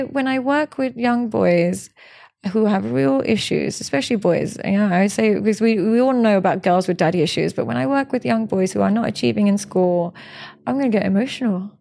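A woman's voice: mid-range voice, vocal fry, darkish tone. A woman, a relationship coach speaking as a podcast guest, telling stories in an earnest, emotional way. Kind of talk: candid podcast interview.

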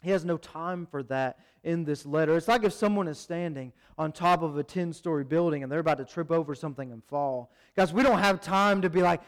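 A man preaching a sermon as pastor, urgent and animated, acting out little quotes. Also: a little high, fairly quick, hardly any pauses.

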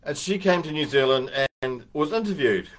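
A man's voice: fairly high pitch, lively intonation, normal speed. An older man giving a casual motivational morning talk, telling anecdotes and musing aloud with fillers as he goes.

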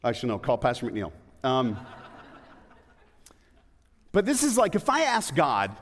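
A man with a fairly high voice preaches in a church, and his words ring out with a long hall echo. He keeps it conversational, tossing rhetorical questions to the congregation and slipping in playful asides. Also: huge pitch swings, measured pace, long pauses. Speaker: pastor. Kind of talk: sermon.

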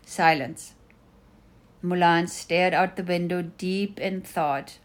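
A woman's voice: lowish voice, fairly even intonation, slow pace. A middle-aged woman reading her own first-person memoir with dry, wry storytelling. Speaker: mother narrating a personal story.

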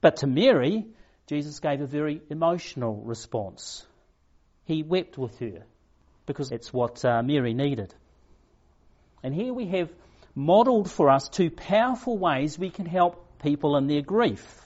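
A man delivers a sermon in a storytelling manner, slowing down for emphatic pauses. His voice sits a little high for a man. The recording is slightly dull and lo-fi. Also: expressive, darkish tone. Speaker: preacher.

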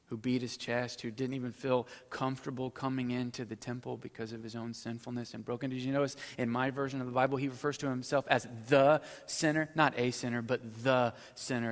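A middle-aged man preaching a sermon as pastor, swinging between loud emphatic stretches and low, quiet asides. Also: big-room sound.

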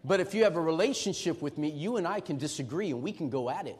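A middle-aged man preaching a sermon as pastor, emphatic and swinging from shouting to hushed tones. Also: on the high side, lively intonation, fast.

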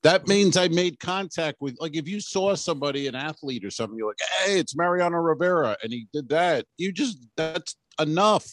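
A man's voice: on the high side, animated, moderate pace, hardly any pauses, a little hiss or hum. A man co-hosting a comedy podcast, telling a story bluntly and laughing at himself. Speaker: podcast co-host. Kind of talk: casual comedy banter.

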